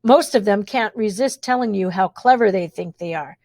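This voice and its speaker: A woman's voice: medium pitch, normal speed, a little mellow, no room sound. A woman reading a children's adventure book aloud with expression, dropping in wry asides of her own. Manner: reads expressively, adds wry spoken asides. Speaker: storybook reader.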